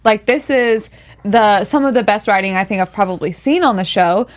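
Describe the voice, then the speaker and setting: A woman's voice: mid-range voice, normal speed. A woman co-hosting a TV after-show, gushing and emphatic as she talks. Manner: gushing, emphatic, uses y'all. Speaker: co-host. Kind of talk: casual TV after-show chat.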